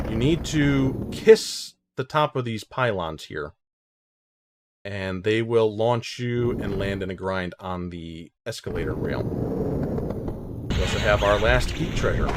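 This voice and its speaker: A man giving casual, joking gameplay commentary as host of a let's play. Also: low voice. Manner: joking, rambling. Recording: game sound noise underneath.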